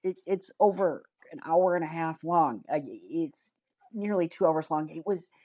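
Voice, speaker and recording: A woman's voice: low-pitched, unhurried, dark tone, dull audio. A woman giving a casual movie review, blunt and rambling, sighing and groping for names.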